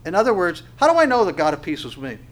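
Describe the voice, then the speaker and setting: A pastor preaches an expository sermon on a Bible passage in a high, sing-song voice, speaking rapid-fire. He poses rhetorical questions, builds emphasis, and frequently restarts his phrases.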